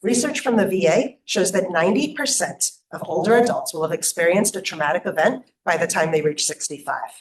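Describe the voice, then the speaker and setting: A woman's voice: lowish voice, a little fast, few pauses. A woman giving prepared opening remarks at a conference, earnest and emphatic as she rallies her audience. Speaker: nonprofit program leader giving opening remarks. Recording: echoey room, voice from a distance.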